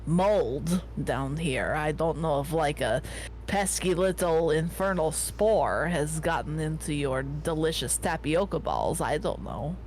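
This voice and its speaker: A man's voice: a little high, expressive, measured pace, darkish tone, a little hiss or hum, poor audio. A man playing a tabletop game in an easygoing, joking way. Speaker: player. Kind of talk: tabletop role-play.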